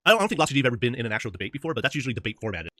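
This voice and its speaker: A man talking as a guest in a casual chat, animated and mocking, with plenty of swearing. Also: mid-range voice, racing, dry recording. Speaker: debate guest.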